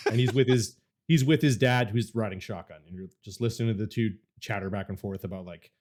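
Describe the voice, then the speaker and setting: A man's voice: lowish voice, brisk, darkish tone, slight background noise. A young adult man on a podcast, telling a story in a casual way and swearing freely. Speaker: podcast co-host.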